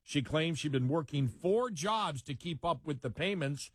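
A man's voice: a little high, animated, a little slow, hardly any pauses, no echo, clean studio sound. Man reading news with amused asides. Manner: reads with frequent laughter and asides. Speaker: co-host reading a news story. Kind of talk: casual commentary, reading quotes aloud.

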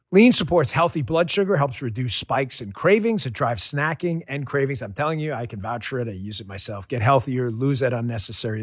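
A man's voice: mid-range voice, slightly rough, no echo, studio quality. A middle-aged man giving a folksy, emphatic spoken radio ad about his own experience. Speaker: product endorser.

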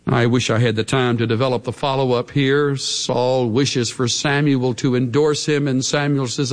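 A male preacher giving an emphatic, dramatic sermon. He drops to hushed tones at times. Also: mid-range voice, fairly even intonation, moderate pace, few pauses, in a large hall.

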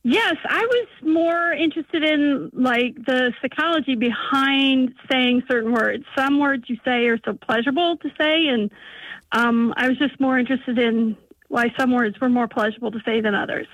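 A woman's voice: high voice, moderate pace, fairly bright tone, no room sound, low-quality recording. A woman from North Dakota calling in to a radio show, chatting eagerly with a few hesitant ums. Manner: enthusiastic, slightly hesitant with ums. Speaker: caller. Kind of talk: casual phone-in chat.

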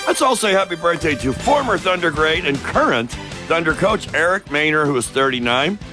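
A man's voice: fairly high pitch, expressive, brisk, over music. A man hosting a morning radio show, chatting casually with wry, joking sports banter.

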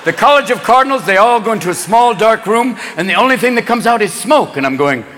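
A man performing a stand-up comedy set on stage, rapid-fire and switching into shouted silly voices. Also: high voice, expressive. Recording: live hall recording with crowd noise. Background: laughing audience.

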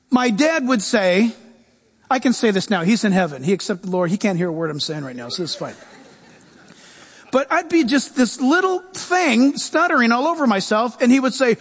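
A pastor preaching in a passionate talk, repeating phrases for emphasis. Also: male voice, extremely high pitch, expressive, moderate pace, fairly bright tone.

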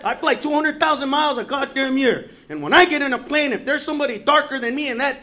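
A man's voice: very high voice, lively intonation, fast talker, pushed and bright. A man doing a brash, profane stand-up comedy set with mock-defiant swagger.

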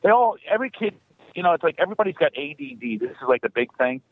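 A man calling in to a radio comedy show, spinning anecdotes and acting out little voices. His pitch swings up and down, and he laughs at his own lines. The line is dry and muffled. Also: racing, no echo. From Philadelphia. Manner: animated storytelling, acts out voices and laughs often. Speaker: comedian guest. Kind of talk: radio call-in comedy chat.

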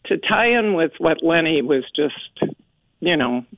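A woman calling into a talk radio show, speaking in a halting, indignant way over a phone line. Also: low-pitched, expressive, no room sound. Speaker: caller.

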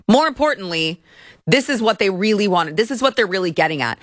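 A woman's voice: medium pitch, animated, fairly quick, a bit bright, no room sound, studio quality. A woman giving opinionated video commentary in a sarcastic, indignant rant. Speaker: political commentator.

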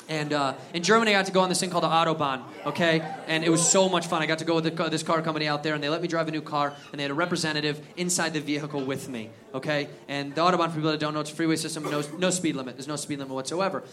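A man doing a profane stand-up set, now and then bursting into shouted act-outs, recorded live on a club stage. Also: on the high side, background noise. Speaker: stand-up comedian. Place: comedy club stage before a laughing crowd.

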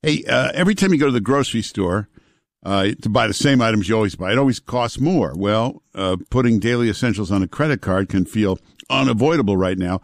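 A talk radio host, talking in a loose, conversational way full of "uh"s. His voice sits on the low side. The studio mic is close and dry. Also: fairly quick, no room sound. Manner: relaxed, chatty, with frequent "uh" fillers. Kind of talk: talk radio banter and ad reads. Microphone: studio broadcast mic.

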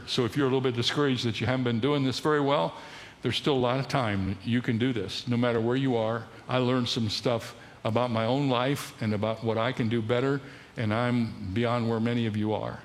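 A man preaching an earnest sermon as a pastor, exhorting his listeners with emphatic repetition. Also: medium pitch. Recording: long hall reverb, faint noise.

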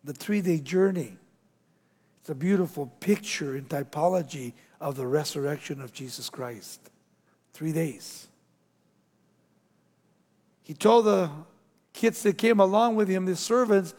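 High-voiced preacher in a reverberant hall. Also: male voice, a little slow, pauses often. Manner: preaching with rising emphasis and sudden soft drops. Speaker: pastor. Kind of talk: sermon. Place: church sanctuary.

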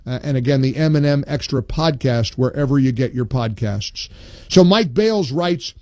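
A man's voice: mid-range voice, lively intonation, moderate pace, warm tone, no echo, clean studio sound. A man hosting a talk radio show, taking callers and reading listener posts with emphasis. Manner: emphatic reading aloud, opinionated.

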